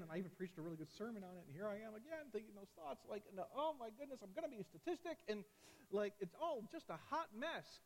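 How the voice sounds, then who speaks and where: A man in his thirties preaching a sermon as a pastor, telling stories and acting out quotes with lively shifts. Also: on the high side. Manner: animated storytelling with acted-out quotes. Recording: long reverb of a large hall.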